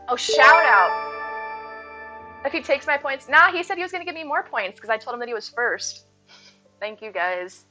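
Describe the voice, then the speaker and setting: Bright, chatty woman streamer. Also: on the high side. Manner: chatty, laughs often, thanks viewers. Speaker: game streamer. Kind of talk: casual live-stream chat. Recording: slightly dull audio with faint music.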